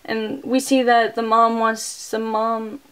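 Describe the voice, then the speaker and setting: A woman's voice: a little high, level tone, slow pace, a bit bright, clean tone. A woman reviewing a movie, casually recapping the plot with lots of "like" and "um". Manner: chatty, full of "like" and "um".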